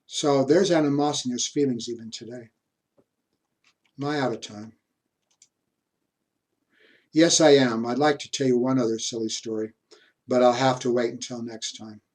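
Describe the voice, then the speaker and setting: A man's voice: mid-range voice, fairly even intonation, normal speed, pauses often, a little mellow. Chatty man lecturing. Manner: chatty storytelling, chuckles often. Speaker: university history lecturer. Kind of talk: classroom lecture with anecdotes.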